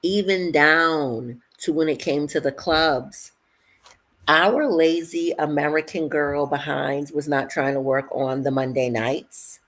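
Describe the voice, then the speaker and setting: A woman in casual chat who tells lively stories, acts out what others said, and laughs often. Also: deep voice, slow. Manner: animated storyteller, acts out quotes, laughs often.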